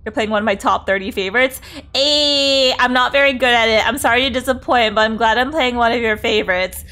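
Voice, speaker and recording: A woman's voice: on the high side, a little fast, sharp tone. A woman streamer chatting casually during a game livestream, greeting viewers, exclaiming at the game and laughing often.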